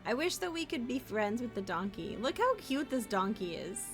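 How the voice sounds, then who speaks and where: A woman's voice: on the high side, sing-song, moderate pace, music in the background. A young woman casually chatting as she streams a video game, playful and talkative. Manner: chatty, playful, talks to chat and pets. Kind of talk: casual gameplay commentary.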